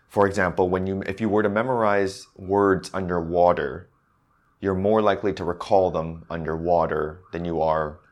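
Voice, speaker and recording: Low-voiced man coaching accent practice. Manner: conversational, repeats words and restarts, says "right?" often. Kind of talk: casual instructional talk.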